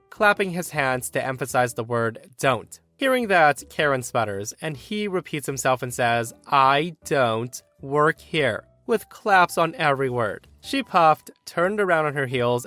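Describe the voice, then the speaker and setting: A man hosting a story channel, narrating a scripted story in a lively, expressive way. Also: fairly high pitch, no echo.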